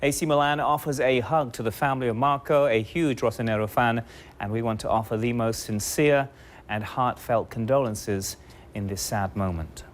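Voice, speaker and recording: A man anchoring a television news report. His delivery is measured and formal, the steady reading of scripted news. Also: medium pitch, slight background noise.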